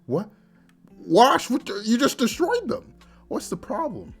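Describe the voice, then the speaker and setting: A man's voice: medium pitch, animated, normal speed, faint music behind, close to an everyday voice. A man voicing a bullying, petty male police officer who barks threats. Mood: outraged. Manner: blustering, barking threats.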